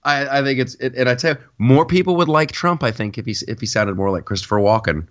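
Fast, animated, and fairly bright, this man's mid-range voice barely pauses. He's a stand-up comic hosting a podcast, tired from lack of sleep, rambling through a casual rant full of restarts and repeated words.

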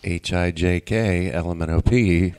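A man's voice: low voice, a little slow, a little mellow, clean tone. A man who is a guest on a podcast, rambling and joking as he answers. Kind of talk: casual chat.

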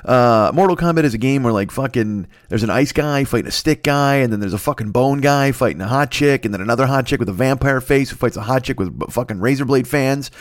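A man's voice: medium pitch, fast talker, hardly any pauses, dry recording, clean studio sound. A man in his forties from the United States hosting a comedic solo podcast, rambling and swearing with self-mocking humor. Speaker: podcast host.

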